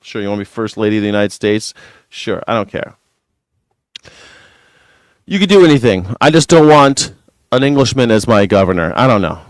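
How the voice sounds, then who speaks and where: A man's voice: lowish voice, lively intonation, moderate pace, long pauses, no echo. A man hosting a news reaction show, ranting in a sarcastic and profane way. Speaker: host.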